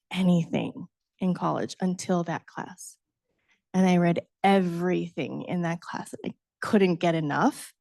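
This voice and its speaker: A middle-aged woman, a book author, telling a lively personal story at a book talk, laughing often and acting out her younger self. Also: mid-range voice, dry recording, clean studio sound. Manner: animated, acts out her past self, laughs often, says "right?". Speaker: author guest.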